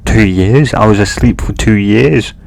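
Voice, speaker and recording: Man doing a drowsy nine-tailed fox, low and slow. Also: creaky, darkish tone.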